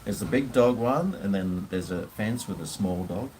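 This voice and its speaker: A man telling a casual, rambling story, with frequent pauses and casual swearing. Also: lowish voice, mellow, slight background noise, low-quality recording. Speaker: vlogger.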